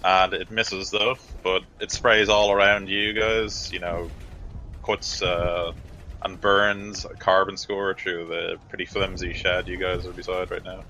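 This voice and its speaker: A man's voice: low-pitched, flat delivery, measured pace, sharp tone, faint music behind, low-quality recording. A man narrating as game master of a tabletop game, describing the action in loose, filler-heavy talk.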